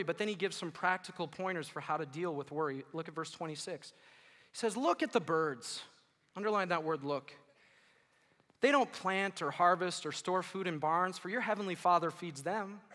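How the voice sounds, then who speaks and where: A man preaching a sermon as pastor, lively and animated, acting out worried listeners and quoting scripture. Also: fairly high pitch. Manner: animated, acts out worried listeners and quotes with rising volume. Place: church sanctuary. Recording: long hall reverb of a church.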